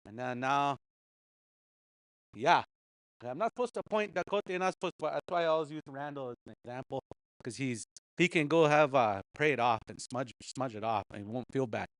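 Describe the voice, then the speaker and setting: A man's voice: mid-range voice, normal speed, a bit bright, no room sound. A man teaching a casual language class, patiently repeating words and chuckling often.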